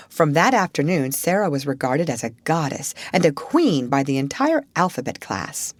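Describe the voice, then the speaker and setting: A woman reading a classic children's novel aloud as an audiobook, with expressive storytelling. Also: low voice, dry recording. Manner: expressive storytelling, colours the narration. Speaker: audiobook reader.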